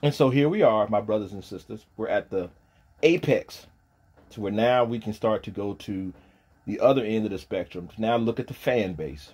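A man, ranting on a livestream, profane and taunting, dropping from low mutters to loud shouting. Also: moderate pace, breathy edge. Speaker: streamer pastor.

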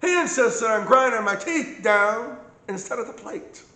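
A man's voice: extremely high pitch, lively intonation, a little slow, pushed and bright, roomy sound. A man telling his own story of medical mistreatment in a casual, emphatic way, often checking in with "okay?". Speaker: patient recounting his medical ordeal. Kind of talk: casual personal account.

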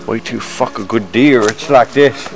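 A man playing a rambling, unhinged backwoods man who stammers, trails off and bursts out loud. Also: medium pitch, moderate pace, vocal fry, soft background music, close to an everyday voice, low-quality recording. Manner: rambling, stammering, sudden outbursts. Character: rambling unhinged backwoods man, proud of his forest home. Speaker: comedian. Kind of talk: improvised comedy sketch.

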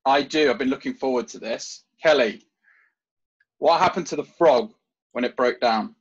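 A man's voice: mid-range voice, normal speed, slightly rough. A man with an English Midlands accent, a recruiter and entrepreneur, talking as a friendly podcast guest who often repeats words as he starts a sentence. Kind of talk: casual podcast interview. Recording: slightly dull, lo-fi remote audio.

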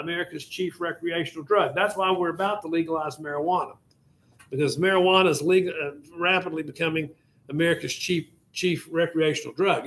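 An older man teaches a class with a slightly high voice. He rambles through jokey stories and asides to his students as he lectures. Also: fairly bright tone. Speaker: history teacher.

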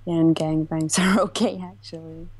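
A woman's voice: low-pitched, fairly even intonation, normal speed, a little mellow, no echo. A woman co-hosting a casual livestream, talking in a giggly, playful, teasing way. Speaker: streamer's co-host.

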